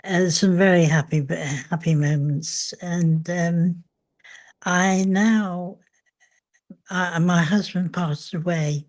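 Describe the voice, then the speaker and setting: An older woman, a memoir author, speaking reflectively in an interview, thoughtful and hesitant with frequent pauses. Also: lowish voice, fairly even intonation, darkish tone.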